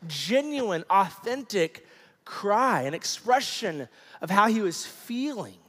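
An animated man in his thirties delivers a storytelling sermon in a slightly high voice. He acts out the people in his story. His voice rings with a long reverb, as in a large hall. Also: slow, slightly rough. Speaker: pastor.

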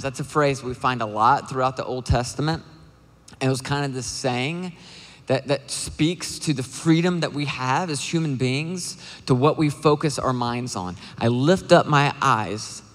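A male pastor delivers a sermon in a large church auditorium, and his voice rings out with a long hall reverb. He talks in an earnest, conversational way, tossing in quick asides and the odd filler, at an ordinary middle pitch. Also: fairly bright tone.

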